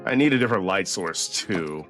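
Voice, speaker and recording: A man's voice: low voice, lively intonation, normal speed, music in the background. Giggly, tired man streaming a game. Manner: giggly, rambling, swearing. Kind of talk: casual gameplay commentary.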